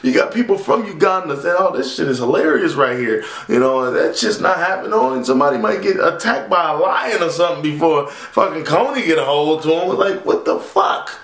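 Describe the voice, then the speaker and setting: A man vlogging a profane, rambling rant to camera, talking in a loud, animated way and swearing constantly. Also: sits high, a little fast, gravelly, hardly any pauses. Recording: echoey room.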